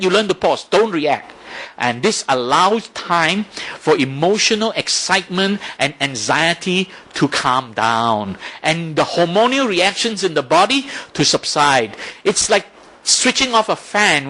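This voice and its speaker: A man's voice: sits high, bright, forceful tone. A man giving a Buddhist dharma talk, explaining step by step and often checking in with "right?". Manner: explanatory, asks rhetorical questions, frequent "right?". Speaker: Buddhist teacher.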